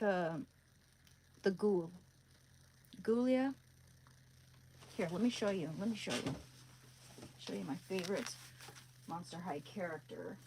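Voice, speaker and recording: A woman's voice: on the high side, darkish tone, a little hiss or hum, low-quality recording. A woman live streaming, chatting casually with viewers in a rambling, hesitant way, often searching for words.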